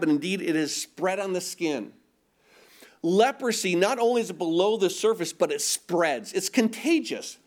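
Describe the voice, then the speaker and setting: Middle-aged guy preaching a sermon, kinda high voice, keeps asking the crowd what. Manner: rhetorical questions, repeated words, emphatic. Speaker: pastor.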